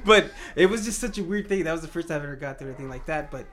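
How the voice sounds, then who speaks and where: Bright, slightly high male podcast co-host, lively anecdotal delivery. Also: very fast. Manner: animated storyteller, laughs often. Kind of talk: casual chat.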